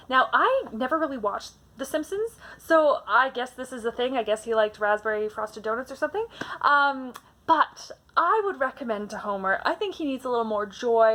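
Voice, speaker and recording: A young woman from Canada chatting casually about her favourite books, animated and full of fillers. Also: on the high side. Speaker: book vlogger. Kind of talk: casual book tag chat.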